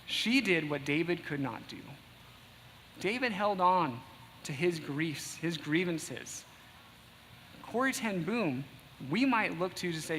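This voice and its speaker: A man preaching a sermon in earnest tones, reading a passage aloud slowly at times. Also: high-pitched, lively intonation, fairly bright tone, a little hiss or hum. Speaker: pastor. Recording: echoey hall with faint ambience.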